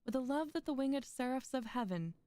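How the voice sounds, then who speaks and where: A woman's voice: high voice, lively intonation, a little fast, warm tone, no echo. A young woman streaming a poetry reading, reciting poems aloud and breaking off into chatty asides with frequent laughs.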